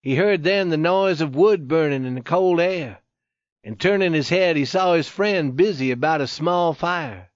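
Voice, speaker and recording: Male audiobook narrator, measured, dry dull lo-fi recording. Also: on the high side, dry recording. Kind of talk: scripted narration.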